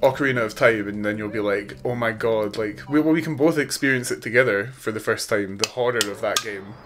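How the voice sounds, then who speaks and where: A man's voice: fairly low pitch, fast talker, a bit bright, faint music behind. A man playing a video game with a friend, joking around, swearing freely and laughing at himself. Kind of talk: casual let's-play banter.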